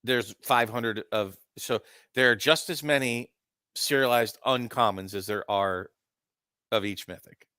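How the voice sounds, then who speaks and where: A man's voice: medium pitch, a little slow, pushed and bright, clear, resonant tone, no room sound, clean studio sound. A man born and raised in Virginia, co-hosting a casual card game round table and explaining things patiently with plenty of "um"s. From Virginia, US Southern. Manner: explains patiently, with many "um"s and repeated "no, no". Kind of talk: casual chat.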